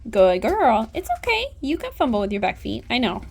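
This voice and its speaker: A woman horse trainer filming on a handheld phone outdoors by a trailer, talking softly and coaxing her horse with praise. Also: fairly high pitch, wildly swooping pitch, fast, gravelly, noisy background. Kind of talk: casual training vlog. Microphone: handheld phone camera.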